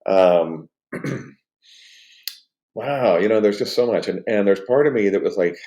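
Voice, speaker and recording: Gravelly, rambling middle-aged man streaming. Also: lowish voice, expressive, unhurried, warm tone, roomy sound, highs cut off. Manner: rambling, many restarts and fillers, emotional. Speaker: company co-founder hosting a live stream. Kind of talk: casual live-stream chat reading comments. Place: at home.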